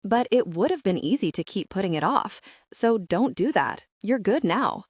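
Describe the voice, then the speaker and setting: A woman's voice: mid-range voice, expressive, normal speed, breathy edge, no room sound. A woman voicing a dry-humored young man who owns a theater, in an audiobook reading. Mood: earnest. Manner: dry, teasing.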